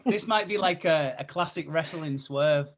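A man's voice: a little high, normal speed, muffled recording. Jokey male podcast host. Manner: jokey, laughs often. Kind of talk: casual podcast banter.

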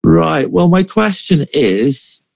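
A man's voice: on the high side, animated, slow, vocal fry, darkish tone, no echo. A Welsh man calling in to a podcast, talking through his idea thoughtfully. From Wales. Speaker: caller. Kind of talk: phone-in chat. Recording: dull phone-line call.

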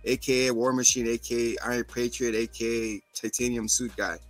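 A man co-hosting a podcast, recapping a show in animated casual chat and acting out scenes. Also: mid-range voice, fairly quick, no room sound, faint music behind. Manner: animated, acts out scenes in quotes, laughs. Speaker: podcast co-host.

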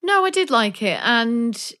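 Brief: woman, casual podcast co-host, animated, acts out reactions. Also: on the high side, measured pace. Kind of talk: casual film discussion.

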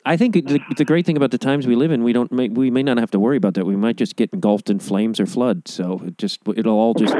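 A man's voice: medium pitch, lively intonation, normal speed, mellow. A middle-aged man in casual podcast chat, laid-back and self-deprecating, often laughing.

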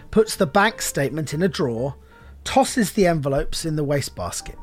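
Brief: man co-host, unhurried comic script reading, very animated pitch. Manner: wry, laughing, theatrical.

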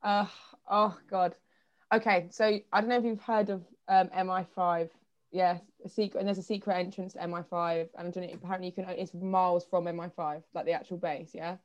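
A woman's voice: lowish voice, flat delivery, fairly quick, dull audio. A young woman in casual podcast chat, playful and teasing, laughing often. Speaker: podcast guest.

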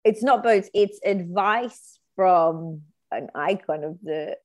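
A woman's voice: lowish voice, takes it slowly. Teasing woman guest on a comedy podcast. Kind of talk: casual comedic chat.

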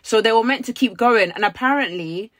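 A woman's voice: a little high, brisk, dry recording, clean studio sound. A woman, co-hosting a podcast in casual chat and telling stories with animation. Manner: chatty, animated storytelling. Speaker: podcast co-host.

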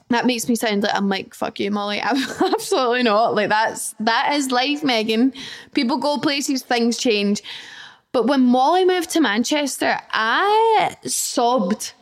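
Woman, Scottish accent, fairly high voice, solo podcast host, candid, self-deprecating, casual swearing. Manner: candid, self-deprecating, acts out her own worried thoughts; swears casually, says "like" often.

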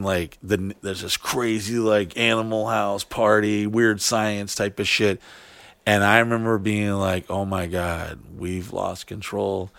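A man's voice: on the low side, creaky, a bit bright, dry recording. A man in his thirties telling a long party story in casual chat, rambling and swearing a lot. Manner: rambling, profane, heavy use of "like". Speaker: podcast guest telling a story.

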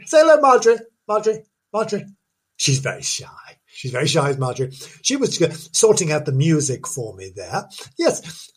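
A man's voice: fairly high pitch, darkish tone, slightly rough. A man hosting a casual solo podcast, rambling and jokey, repeating himself and chuckling at his own asides. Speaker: podcast host.

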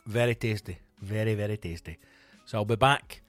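A middle-aged Scottish man and comedy podcast host, ranting in a loose, sweary, animated monologue. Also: lowish voice, normal speed, no room sound, soft background music. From Scotland.

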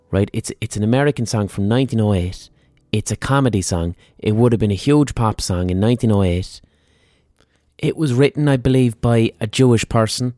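A man's voice: fairly low pitch, a little mellow, dry recording. A man hosting a podcast, rambling casually about music history and swearing often. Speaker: podcast host.

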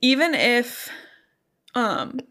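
A woman's voice: fairly high pitch, big pitch swings, extremely slow, a bit bright. Chatty young woman podcast host. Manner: chatty, summarizes plot with offhand opinions. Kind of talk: casual book-club podcast chat.

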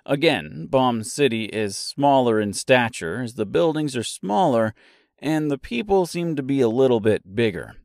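A man's voice: medium pitch, expressive, normal speed, creaky, no room sound, studio quality. A man hosting a solo book discussion podcast, chatty and playful, fond of puns and dad jokes, talking straight to his listeners. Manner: chatty, addresses listeners directly. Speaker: podcast host and author.

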